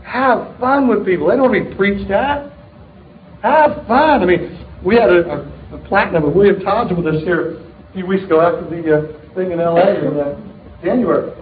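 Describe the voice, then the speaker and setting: A man's voice: sits high, moderate pace, echoey room. Tinny-sounding upbeat middle-aged man. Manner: upbeat storytelling, joking, punchy. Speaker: sales leader speaking at a distributor meeting. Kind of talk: motivational talk to a live audience. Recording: tinny, narrow-band recording of a live talk.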